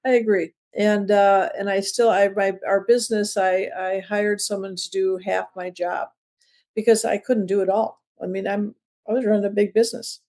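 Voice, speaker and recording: Gravelly older lady in her 70s, from chicago, rambling funny stories in a chat. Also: medium pitch, little pitch movement, moderate pace, darkish tone. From Chicago area. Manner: chatty, rambling, self-deprecating storyteller. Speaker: comedian guest. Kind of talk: casual interview chat.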